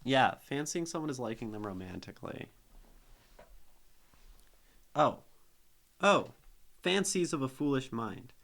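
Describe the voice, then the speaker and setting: A man's voice: medium pitch, sing-song, unhurried, long pauses, a bit bright. A young man streaming live, casually talking through a poem and reacting to chat, thinking aloud at a desk mic. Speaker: streamer critiquing poetry.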